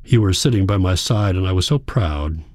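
Man reading a story, low dark voice, slow and thoughtful, dry close recording. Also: lively intonation, dry recording. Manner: measured, reflective storytelling. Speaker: audiobook narrator. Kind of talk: scripted narration.

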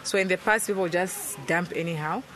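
A woman's voice: lowish voice, brisk, fairly bright tone. A woman, a volunteer program coordinator, explaining things in an interview with frequent fillers. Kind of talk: interview answers.

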